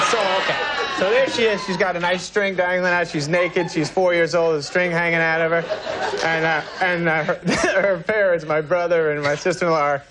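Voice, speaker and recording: A man in his thirties from New Hampshire, a comedian guest telling a rambling, halting, self-mocking story on a talk show, often breaking into laughter. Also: high-pitched. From New Hampshire, USA. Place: TV studio with audience. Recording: noisy VHS TV recording.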